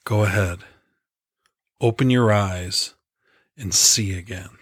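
A man voicing a calm healer and teacher, speaking gently but firmly. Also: lowish voice, slow pace, no echo, studio quality. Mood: gentle. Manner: calm, gentle yet firm. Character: gentle, strong-voiced male healer and teacher.

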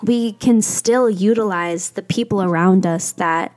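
In a slightly slow, slightly mellow mid-range voice, a young female podcast host shares candid personal confessions. She rambles as she talks and uses "like" a lot.

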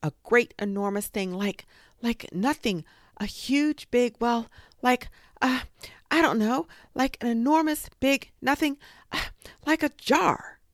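A woman voicing a small, timid male piglet in a storybook reading, with squeaky, breathless, stammering cries. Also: takes it slowly, no room sound, clean studio sound. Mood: panicked.

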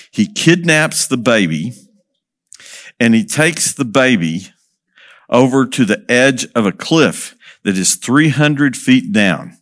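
A man working as a missionary speaker tells a story to an audience, lively, asking questions and chuckling as he goes. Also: fairly low pitch.

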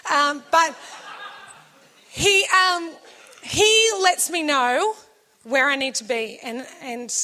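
A middle-aged woman telling a story in a sermon, animated and acting out quotes with laughs. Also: sits high, slow pace, pauses often. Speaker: preacher.

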